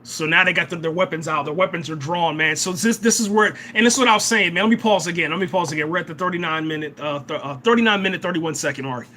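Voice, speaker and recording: A young man hosting a live reaction and review of a TV episode, excitable, often repeating himself and tacking "man" onto his sentences. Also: fairly high pitch, fast, few pauses, a little hiss or hum. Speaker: reaction channel host.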